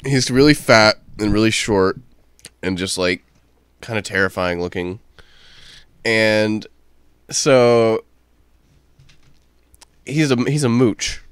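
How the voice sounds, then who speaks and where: A young man co-hosting a casual podcast, telling rambling, swearing anecdotes in an animated way. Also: on the low side, smooth, no echo. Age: young adult. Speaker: podcast co-host. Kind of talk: casual storytelling chat.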